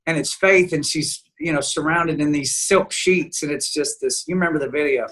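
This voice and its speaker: A man being interviewed as a guest songwriter, telling an animated story and acting out the dialogue. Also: on the high side, normal speed. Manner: lively storyteller who acts out quoted dialogue. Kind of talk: animated storytelling in casual chat.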